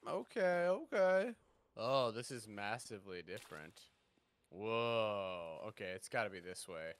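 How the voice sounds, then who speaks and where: A man's voice: on the low side, measured pace, a bit bright. A young man hosting casual co-op gameplay, joking, swearing and exclaiming at scares. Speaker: gaming channel host.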